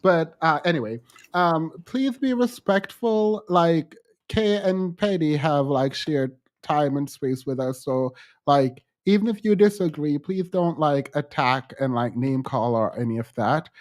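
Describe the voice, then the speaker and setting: A man's voice: fairly high pitch, unhurried. A man hosting a casual podcast chat, talking in a hesitant way with many ums and restarts. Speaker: host.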